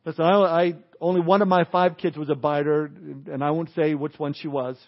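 A man's voice: a little high, flat delivery, moderate pace, highs cut off. A middle-aged man preaching a sermon, mixing scripture with folksy jokes and asides. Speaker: pastor.

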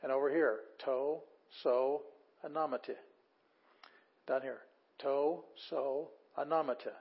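Reading Bible verses aloud, a Greek instructor breaks each one down word by word in a relaxed classroom lecture peppered with fillers and eager asides. He has a medium, steady, breathy-edged voice at a measured pace, on slightly dull lo-fi audio.

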